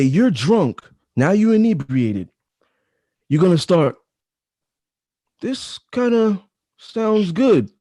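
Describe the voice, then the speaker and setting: A man's voice: high voice, warm tone, slightly rough, no echo, studio quality. A man in his thirties, a podcast guest talking casually, with emphatic, repetitive advice-giving. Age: 30s. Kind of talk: casual chat.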